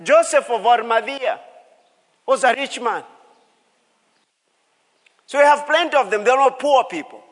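A man's voice: very high-pitched, expressive, measured pace, pauses often, in a large hall. A man preaching a sermon as pastor, emphatic, repeating key phrases and calling out to the congregation. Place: church hall.

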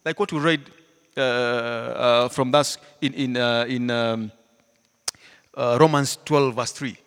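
A man preaching a sermon, animated, swinging between loud emphatic lines and hushed ones, often laughing. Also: mid-range voice, slow, clear, resonant tone. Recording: hall reverb.

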